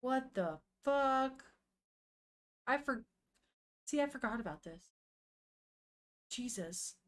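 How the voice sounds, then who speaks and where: A young woman hosts a casual live stream, reading manga aloud and chatting with her viewers. Her voice is high-pitched with lively intonation, and she takes her time. She laughs often and swears without holding back.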